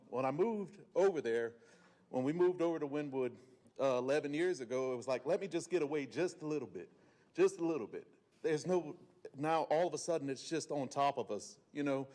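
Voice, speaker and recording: High-voiced emotional man. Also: a little mellow. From South Carolina Lowcountry. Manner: emotional, blunt, folksy, with many fillers and restarts. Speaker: resident giving public comment. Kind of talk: impassioned public comment. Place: county meeting chamber.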